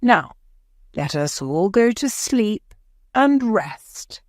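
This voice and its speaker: A woman voicing a gentle, kind mother in an audiobook, speaking softly. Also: medium pitch, sing-song, drawn-out words, no echo, studio quality, voice pushed up. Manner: soft and kind.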